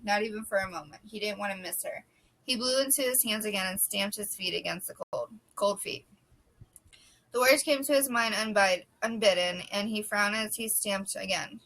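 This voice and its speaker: A woman narrating an audiobook in a steady, plain voice. Her pitch sits in the middle range, and she stumbles now and then on a word. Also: rough recording. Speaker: audiobook reader.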